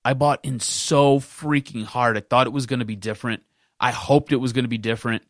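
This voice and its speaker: A man's voice: medium pitch, steady tone, brisk, no echo, clean studio sound. A man hosting a sports podcast, ranting in casual talk and repeating himself for emphasis.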